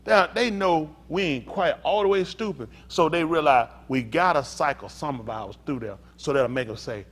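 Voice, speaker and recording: A man preaching a sermon as pastor, swinging from hushed talk to shouting. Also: fairly high pitch, moderate pace, hardly any pauses.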